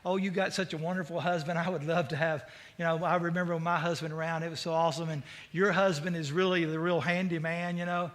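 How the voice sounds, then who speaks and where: A male pastor voicing a flattering widowed neighbor woman who gushes softly with gratitude during a sermon. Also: lowish voice, fast, voice pushed down, lightly acted. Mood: gushing. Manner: gushing, soft and grateful.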